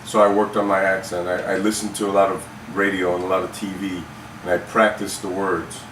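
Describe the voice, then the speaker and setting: Man from Saint Croix, very low steady voice, casual reflective chat, roomy distant sound, faint noise. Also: brisk. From Saint Croix, US Virgin Islands. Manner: reflective, with many fillers and restarts. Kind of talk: casual conversation.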